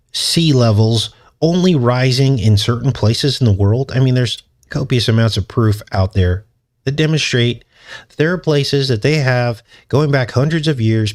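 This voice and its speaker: Sarcastic man with a mid-range voice. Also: medium pitch. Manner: sarcastic and mocking, chuckles often. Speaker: channel host. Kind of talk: casual commentary monologue.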